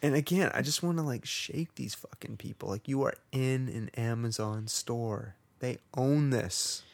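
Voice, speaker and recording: A man's voice: medium pitch, unhurried, gravelly, dry recording. A man co-hosting a podcast, ranting sarcastically and swearing a lot. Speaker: podcast co-host. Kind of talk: casual podcast rant.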